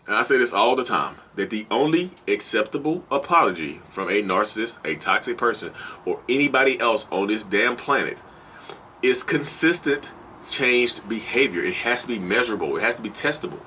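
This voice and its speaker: A man with a lowish, expressive voice, bright and forceful, speaks fairly quickly over slight background noise. Hosting a channel on toxic relationships, he lectures his "y'all" viewers in a repetitive, preachy, animated casual monologue.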